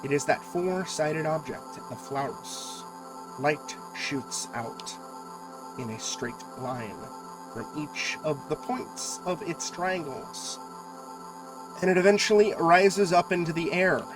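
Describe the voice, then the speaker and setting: A man's voice: on the high side, slow pace, rough recording. A man streamer reading a visual novel aloud in an earnest, dramatic way with jokey asides. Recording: music playing clearly behind.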